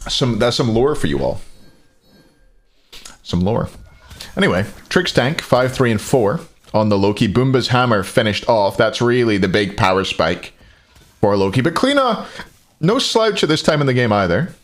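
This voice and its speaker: A man's voice: mid-range voice, very animated, normal speed, long pauses. A Scottish man casting a live esports match, joking and chatting with viewers between plays. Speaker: esports caster.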